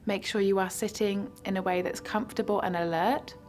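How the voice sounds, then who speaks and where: A woman guiding a mindfulness practice with slow, soothing instructions. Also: medium pitch, fairly even intonation, darkish tone, soft background music. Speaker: mindfulness guide. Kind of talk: guided meditation.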